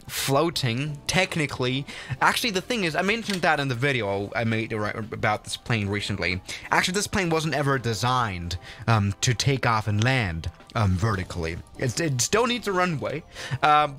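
A man's voice: mid-range voice, bright, forceful tone. A man streaming a flight sim, chatting casually to viewers in a rambling way full of fillers and restarts. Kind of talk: casual live gameplay commentary.

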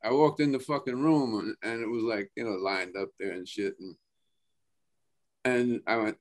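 A man with a New Jersey accent, a guest actor chatting casually, halting often and restarting his sentences, with plenty of swearing. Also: mid-range voice. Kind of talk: casual chat.

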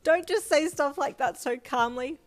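A woman voicing a shy, flustered young woman who stammers and goes shrill when embarrassed, while reading a fan fiction aloud. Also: moderate pace, a bit bright, faint music behind.

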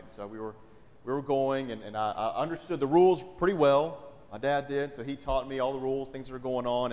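A pastor from North Carolina, preaching a conversational sermon and often asking "right?". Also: male voice, medium pitch. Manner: conversational, frequent rhetorical "right?". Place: church sanctuary. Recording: long church reverb.

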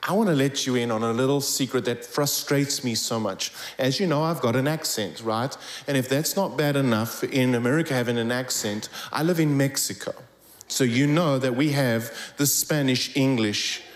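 Animated preacher man in an echoey hall. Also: mid-range voice. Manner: animated storytelling, rising emphasis. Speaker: guest preacher. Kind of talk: sermon. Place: church hall.

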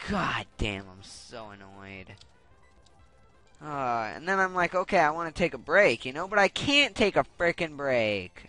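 A man's voice: medium pitch, big pitch swings, normal speed, bright, forceful tone, soft background music. A young man commenting on his gameplay in a casual, irritated way, swearing and rambling. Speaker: let's play gamer.

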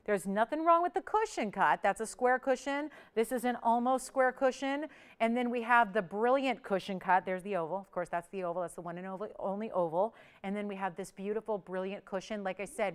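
A woman hosting a live shopping channel, giving an upbeat, persuasive sales pitch straight to the viewers. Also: brisk, clean tone.

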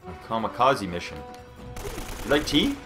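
A Canadian man commentating a video game live, excitable and swearing often. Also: on the low side, normal speed, music in the background. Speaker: let's play streamer. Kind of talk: casual gameplay commentary.

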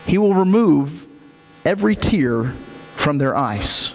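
Animated preacher in an echoing hall. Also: male voice, a little high, slow pace, faint music behind. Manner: emphatic, repeats key phrases. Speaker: pastor. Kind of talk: sermon. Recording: echoey hall with faint hum.

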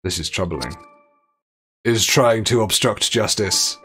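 A man's voice: lowish voice, slow, a bit bright, soft background music. A man streaming a game live, chatting, reading viewer messages aloud and laughing often.

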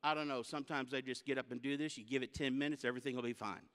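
Older churchgoer, unbothered, low and slow , played by a male preacher, hall reverb. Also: steady tone, fairly bright tone, a little hiss or hum, close to an everyday voice. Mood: shrugging. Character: calm older man in the pews, matter-of-fact.

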